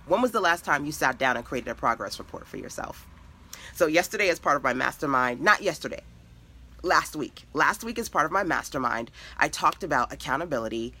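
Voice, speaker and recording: A woman in middle age who coaches women entrepreneurs, talking with bright, forceful energy. She drives her points home in emphatic repeated lists and speaks like a preacher on a live stream. Her voice stays firm and direct. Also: low voice. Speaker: web designer and mentor to women entrepreneurs. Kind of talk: motivational live-stream talk.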